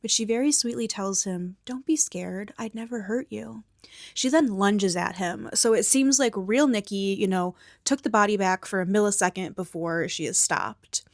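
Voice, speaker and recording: A woman recapping a movie in a soft whisper, blunt and opinionated, with some swearing. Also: mid-range voice, moderate pace, few pauses, no room sound, clean studio sound. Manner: soft unvoiced whisper mixed with quiet speech.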